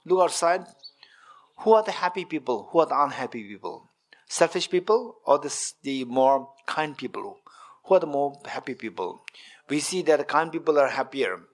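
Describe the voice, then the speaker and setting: Middle-aged man, Buddhist retreat teacher, a bit high-voiced, repetitive and questioning. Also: moderate pace. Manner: repetitive, questioning the audience, animated with gestures. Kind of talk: dharma teaching to a retreat audience. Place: meditation centre hall.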